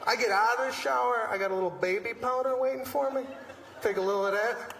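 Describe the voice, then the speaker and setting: Exasperated high-voiced male stand-up comic. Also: fast talker, creaky. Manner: animated, exasperated storytelling with acted-out asides. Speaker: stand-up comedian. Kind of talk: stand-up routine. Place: comedy stage before a live audience. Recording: roomy venue with live audience and noise.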